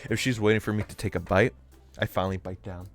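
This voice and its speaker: A man's voice: fairly low pitch, brisk, soft background music. A man streaming a visual novel, reading it aloud with joking, swearing asides.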